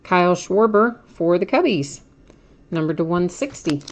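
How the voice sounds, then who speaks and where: A woman's voice: fairly low pitch, animated, unhurried. A woman hosting a card break, chatting casually as she names each card she pulls and laughs at her own slips.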